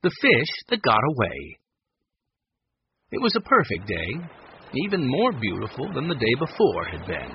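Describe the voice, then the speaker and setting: A man narrating a children's storybook chapter in an expressive, scripted reading. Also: medium pitch, moderate pace, creaky, long pauses, breathy edge. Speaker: audiobook narrator. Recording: slightly muffled audiobook recording.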